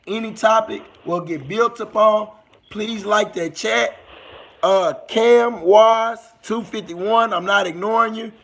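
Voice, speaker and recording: A young American man with a Southern accent hosts a casual livestream, rambling to his viewers in loose street slang. His voice is high-pitched and fairly bright, with slight background noise.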